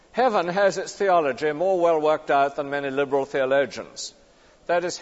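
A man preaching a sermon, emphatic, often tagging on rhetorical questions. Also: on the high side. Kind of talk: expository sermon. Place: large church. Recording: dull recording with long church reverb.

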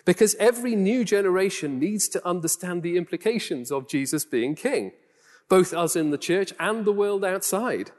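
Male preacher, softened Geordie accent, slightly higher voice, chatty sermon delivery, long hall reverb. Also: expressive, normal speed. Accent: Geordie, toned down. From Newcastle, England. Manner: conversational, rhetorical questions, self-deprecating asides.

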